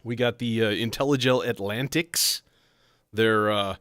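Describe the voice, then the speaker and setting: A livestream host rambles casually about modular synths, often cutting himself off, while faint synth music plays behind him. His voice is fairly low and a bit bright, a little slow, captured with clean studio sound and no echo.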